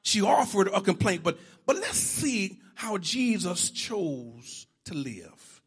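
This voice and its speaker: High raspy-voiced preacher. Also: male voice, sing-song, takes it slowly. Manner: rousing, swings from hushed to shouting, half-sung lines. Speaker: pastor. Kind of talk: sermon.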